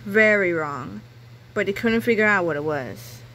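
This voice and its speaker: A woman reading a children's book aloud in a clear storytelling manner. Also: medium pitch, lively intonation, measured pace, a bit bright, slight background noise, rough recording. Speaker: reader.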